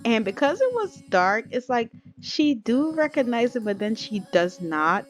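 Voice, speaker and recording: A chatty woman telling a life-sim story as she plays, talking right to her viewers in a relaxed, casual way. Soft music plays faintly behind her. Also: a little high, unhurried. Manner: chatty, addresses viewers as y'all. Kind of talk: casual game story narration.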